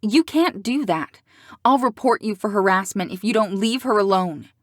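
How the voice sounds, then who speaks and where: A woman's voice: mid-range voice, normal speed, dry recording, clean studio sound, lightly acted. A woman voicing a snappish riled-up good girl. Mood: irritated. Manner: snappish, through gritted teeth. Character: sharp, protective teenage good girl. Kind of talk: audiobook character reading.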